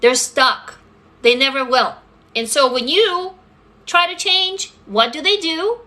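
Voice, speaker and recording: Woman in her 30s, high bright voice, blunt and sweary, chatting live to viewers. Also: expressive, slow pace. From Russia. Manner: blunt, profane, emphatic. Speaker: livestream host answering viewers. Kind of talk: casual livestream chat.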